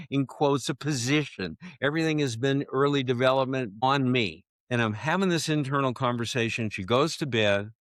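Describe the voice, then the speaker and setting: A man in his seventies, a guest author telling a personal story in an interview, animated and acting out the voices of people he quotes. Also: mid-range voice, dry recording. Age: 70s.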